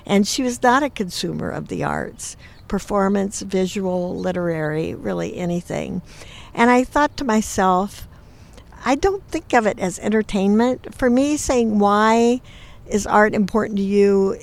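A woman in a reflective conversation, emotional and halting, her voice catching as she searches for words. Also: mid-range voice, lively intonation, vocal fry. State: teary. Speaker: interviewee, arts lover.

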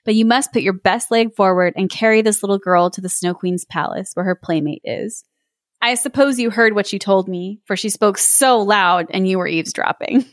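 Woman, podcast host, fairy tale read-aloud, playful character voices, mid pitch, dry close sound. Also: no room sound. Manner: reads with playful voices and laughs. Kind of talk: storybook read-aloud with chat.

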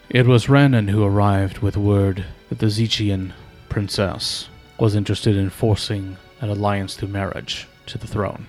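A man voicing an old noble father and royal counselor, grave, measured and coldly pragmatic. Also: fairly low pitch, a little mellow, close to an everyday voice.

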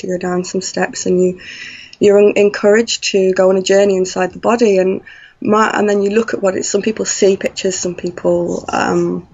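Gravelly woman telling her story. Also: medium pitch. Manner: animated, acts out her own past thoughts. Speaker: guest. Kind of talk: conversational storytelling. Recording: slightly dull lo-fi audio.

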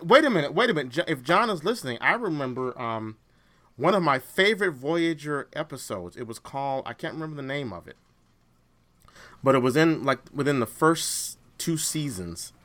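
A man's voice: a little high, expressive, normal speed, a bit bright. A man co-hosting a fan podcast, talking in casual chat with lots of fillers and restarts. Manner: hesitant, many fillers and restarts. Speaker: podcast co-host.

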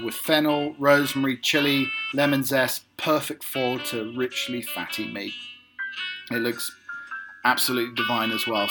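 A man hosting a casual segment, reading out lists haltingly with many ums and uhs. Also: mid-range voice. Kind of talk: casual read-through of lists.

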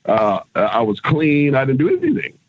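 A husky middle-aged man spins lively road stories, slipping into other people's voices and swearing casually. The sound is dry and close. It comes through a tinny, phone-like line. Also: mid-range voice, moderate pace, no room sound. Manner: animated storyteller, acts out others' lines, casual swearing. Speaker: guest, former pro wrestler. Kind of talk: casual storytelling interview.

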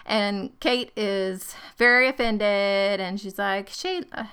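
A woman's voice: mid-range voice, steady tone, takes it slowly, bright, forceful tone, smooth. A woman co-hosting a podcast, recapping a TV series in a wry, joking tone and quoting the characters in mock voices. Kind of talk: casual chat.

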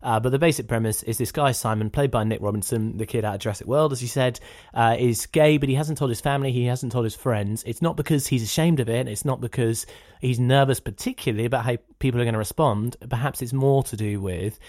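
A man hosting a casual film podcast, animated and laughing often as he talks. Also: medium pitch, no room sound, studio quality. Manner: animated, laughing, quick-talking. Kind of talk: casual chat.

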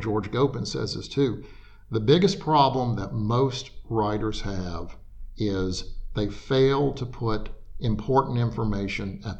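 A man's voice: medium pitch, gravelly. Patient man explaining writing principles. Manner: patient and explanatory, with fillers and restarts. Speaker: writing expert guest. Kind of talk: explanatory interview talk.

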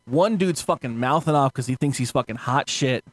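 A man telling a story in a casual podcast chat, animated, swearing a lot and laughing as he goes. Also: medium pitch, normal speed. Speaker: podcast co-host.

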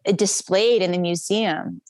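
A woman in casual conversation keeps pressing her excitement with emphatic praise. Her voice sits at middle pitch, and the recording is dry. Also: a little slow, no echo.

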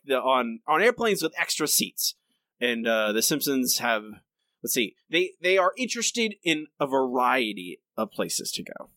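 A man co-hosting a podcast, talking in a rambling, halting way with frequent laughs. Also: a little high, fairly bright tone, dry recording, studio quality. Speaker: podcast co-host. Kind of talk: casual chat.

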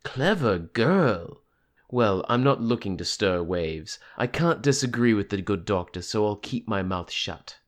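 A man reading an audiobook, voicing a suave prisoner who speaks smoothly and drily. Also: lowish voice, lively intonation, a little slow. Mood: dry.

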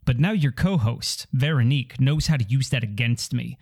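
A man's voice: medium pitch, moderate pace, a little mellow, husky. A man hosting a comedy podcast, ranting in a grumbling, exasperated and wry way. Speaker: podcast host. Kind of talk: comic rant.

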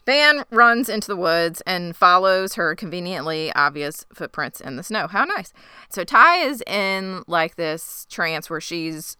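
A woman's voice: on the low side, animated, measured pace, pushed and bright, clean tone, no room sound, studio quality. A woman co-hosting a casual podcast, narrating a recap with wry asides. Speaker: podcast co-host.

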